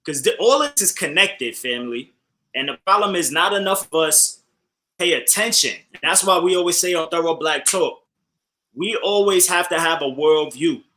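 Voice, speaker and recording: A man co-hosting a talk show, speaking in an animated way and often calling the listeners family. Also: on the high side, rough recording. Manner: animated, repeats phrases, addresses listeners as family. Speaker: co-host. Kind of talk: casual commentary.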